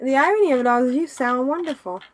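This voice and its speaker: A woman hosting a podcast in casual chat, animated and chatty, laughing often, talking over a remote call mic. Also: sits high, fast, dry recording. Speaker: podcast host.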